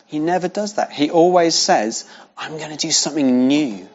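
In a conversational sermon, a man preaches with a mid-range voice, lively intonation and a slightly fast pace, repeating key phrases for emphasis. The recording sounds dull and lo-fi.

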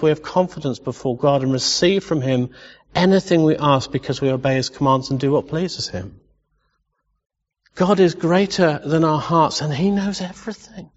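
A man preaching with passion, his somewhat high voice ringing out in a long hall reverb. The sound is dull and lo-fi, as from a church recording. He builds to loud exclamations, then drops to quiet, tender asides. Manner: impassioned, rising to loud exclamations. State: emotional. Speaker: pastor. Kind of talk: sermon.

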